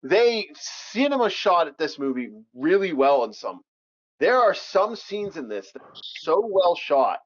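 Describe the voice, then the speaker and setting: Man, casual movie review chat, swearing, repetitive, lively pitch, dull lo-fi recording. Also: a little slow. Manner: animated, swears a lot, repeats himself. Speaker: co-host of a movie review show. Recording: dull lo-fi sound.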